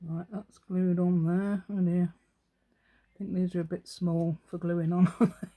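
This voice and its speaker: A woman's voice: on the low side, little pitch movement, unhurried, mellow. An English woman hosting a craft tutorial, chatting casually with self-mocking, rambling asides and frequent laughs. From England. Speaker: craft channel host.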